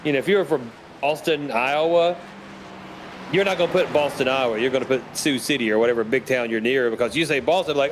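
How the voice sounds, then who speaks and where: A man's voice: mid-range voice, fairly quick, rough recording. A man calling play-by-play on a sim racing stream, joking and reading viewer chat aloud. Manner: joking, reads chat aloud, calls passes. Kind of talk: live race commentary with banter. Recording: stream audio with background noise.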